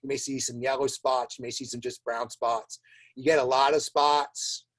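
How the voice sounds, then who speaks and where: A man's voice: medium pitch, fairly even intonation, normal speed, a bit bright. A man giving an informal webinar lecture on plant diagnostics, chatty and wry, full of fillers and repeated words. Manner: wry, laughs at his own jokes.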